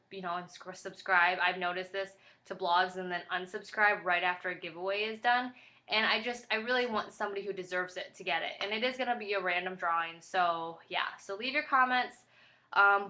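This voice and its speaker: Chatty woman with a bright voice. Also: medium pitch. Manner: rambling and chatty, with many fillers; apologetic, tired and flustered. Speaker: vlogger. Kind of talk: casual pregnancy update vlog.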